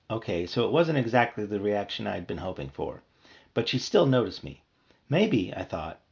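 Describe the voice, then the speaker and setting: A man's voice: fairly low pitch, fairly quick, lo-fi sound. A man reading a children's horror book aloud, narrating expressively. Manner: expressive storytelling. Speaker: reader.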